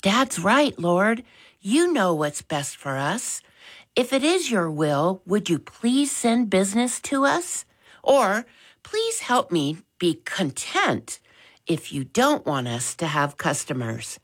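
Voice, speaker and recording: Woman voicing a young boy, eager and respectful, high-pitched, lively pitch, storybook. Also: slow. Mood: earnest.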